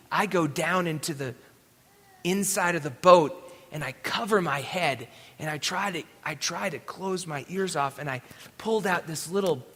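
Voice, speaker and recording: Intense man telling a story in a reverberant hall. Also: fairly high pitch. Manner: rambling, intense storyteller, swings from loud to hushed. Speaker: worship leader giving a message. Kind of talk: emotional storytelling sermon. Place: live event hall. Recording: live hall with long reverb.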